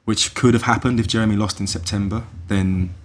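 A man with a very deep, low voice speaks in a casual political chat. He lays out his analysis steadily and deliberately, with the occasional filler. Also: fairly even intonation, slight background noise. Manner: measured, analytical, hedging with fillers.

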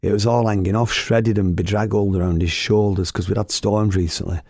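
A man's voice: on the low side, fairly even intonation, a little fast, a little mellow. A man, a former radio host, telling rambling, chatty anecdotes and laughing at his own tales. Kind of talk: casual anecdotal storytelling.

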